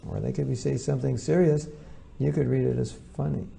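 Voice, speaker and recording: A man's voice: mid-range voice, steady tone, fairly quick, vocal fry, mellow. A man giving an informal lecture to devotees as their spiritual teacher, talking conversationally and acting out the voices of people he quotes.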